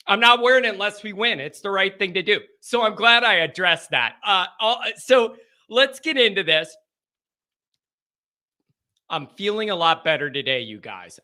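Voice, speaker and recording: Excitable high-voiced male sports host. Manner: excitable, emphatic, repeats himself. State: voice recovering from strain. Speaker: sports fan show host. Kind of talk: casual livestream chat to fans.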